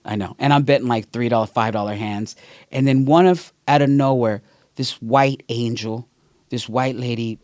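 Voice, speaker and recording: A man who is a stand-up comedian and podcast host, telling an animated, profane story in casual chat. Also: medium pitch, moderate pace, dry recording, studio quality.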